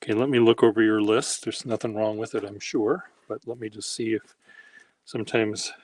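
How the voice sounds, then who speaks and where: A man with a lowish voice talks in an easy, unhurried way, drifting from one anecdote to the next. He hosts a casual, rambling chat, pausing often as he gathers his thoughts. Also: gravelly, darkish tone, slightly rough. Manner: meandering, halting anecdotes. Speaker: host.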